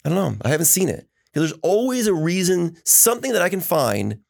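A podcast host with a somewhat high voice and plenty of gravel in it. He talks in a casual, animated way, and his pitch rises and falls a lot as he lives out his stories. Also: fairly quick. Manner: animated storytelling with acted quotes.

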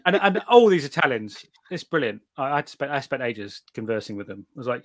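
Animated British man, dry close sound. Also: mid-range voice, fast, no room sound. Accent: British English. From Britain. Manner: animated storytelling, frequent restarts and swearing. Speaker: guest reviewer of night vision gear. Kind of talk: casual chat.

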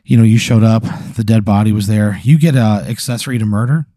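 A man's voice: lowish voice, a little fast, warm tone, no room sound, studio quality. A man hosting a comedy podcast, telling a long absurd hypothetical story full of acted quotes and frequent laughs.

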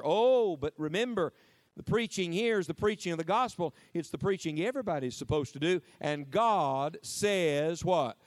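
A middle-aged man preaches with a high, ringing voice, drawing the crowd into call-and-response. He stretches key words out slowly for emphasis. The sound is dry and close, with little room echo. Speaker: preacher at a camp meeting. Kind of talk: lively interactive sermon.

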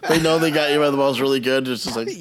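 A middle-aged man co-hosting a podcast, telling animated stories in casual chat, swearing freely and acting out what people said. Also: medium pitch, very fast. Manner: animated storyteller, swears freely, acts out quotes. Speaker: podcast co-host.

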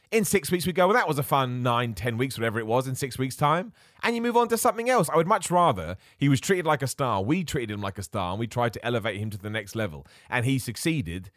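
A man hosting a solo podcast in a chatty, opinionated way, full of asides and quick self-corrections. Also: mid-range voice, fairly bright tone, no room sound, studio quality. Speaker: podcast host. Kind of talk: casual solo wrestling podcast.

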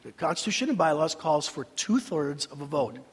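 An older man preaching a sermon in a church, dramatic, with long pauses and sudden swells of emphasis. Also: on the high side, sing-song, slightly rough. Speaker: senior pastor. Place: church sanctuary. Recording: reverberant church hall.

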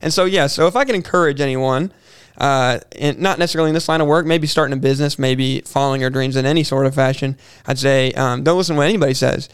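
A man's voice: mid-range voice, steady tone, fast, clear, resonant tone, no room sound, studio quality. A young man, a podcast guest telling a personal story, earnest and often restarting his words. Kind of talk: casual storytelling interview.

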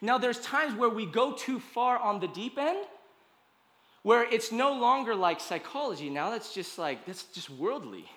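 A man's voice: very high voice, very animated, a little slow, fairly bright tone. A male pastor preaching a conversational sermon, often checking in with his listeners and hammering points with repeated lists. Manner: emphatic, repetitive lists.

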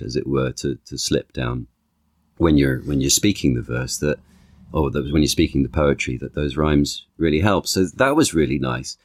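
An actor and author talking as a podcast guest, thoughtful, stacking analogies, often restarting with "you know". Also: male voice, a bass voice, no echo, clean studio sound. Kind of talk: conversational interview.

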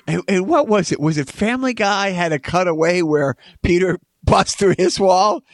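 A man's voice: high-pitched, moderate pace, no room sound, studio quality. A man co-hosting a podcast in casual chat, rambling, repeating words and laughing often. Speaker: podcast co-host.

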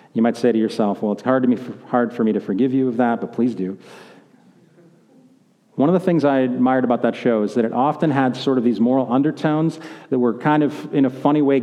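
A man's voice: a little high, warm tone. A man preaching a sermon as pastor, conversational and joking, in a church sanctuary. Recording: echoey hall.

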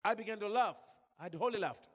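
A man's voice: high-pitched, quick pace, fairly bright tone, long reverb tail. A man from Zambia preaching a sermon, telling a personal story with feeling and calling out to the congregation. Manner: emotional storytelling, calls out to congregation.

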